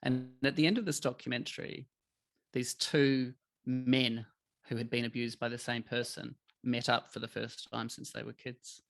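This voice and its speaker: Man, middle-aged, gravelly voice, emotional storyteller. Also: mid-range voice, level tone, moderate pace. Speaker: podcast guest, coach. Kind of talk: candid conversational interview.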